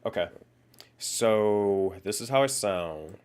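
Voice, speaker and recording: Low-voiced streamer muttering over settings. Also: male voice, measured pace, darkish tone. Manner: swearing, muttering while fiddling with audio settings. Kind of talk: casual live-stream chat.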